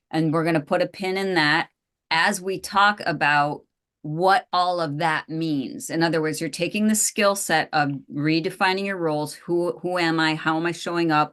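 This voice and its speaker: A woman with a low, steady voice leads an online group class as the therapist. She talks informally and encouragingly, reflecting back what participants share. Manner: encouraging, informal, hums a tune. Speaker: host and therapist leading a class.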